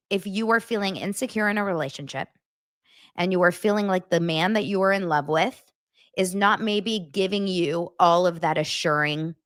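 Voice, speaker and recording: A woman's voice: mid-range voice, fairly bright tone, no room sound, studio quality. A woman hosting a casual commentary vlog, talking frankly and chattily with frequent asides. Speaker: host.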